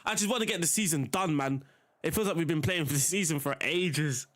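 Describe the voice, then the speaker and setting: Brisk and a bit bright, this fairly high male voice belongs to a young streamer playing a football management game. He chats casually with his audience as the game goes on.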